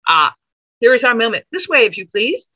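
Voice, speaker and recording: A nervous young clerk , voiced by a woman reader, talks in a flustered, apologetic rush. The tone is bright and a little breathy. The recording is dry and close. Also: fairly high pitch, very animated, brisk, no room sound, voice pushed up, heavily acted, low-quality recording.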